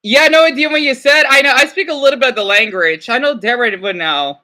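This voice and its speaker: A woman's voice: sits high, a little fast, pushed and bright. A woman chatting casually as she reacts to videos, often apologizing and restarting her sentences.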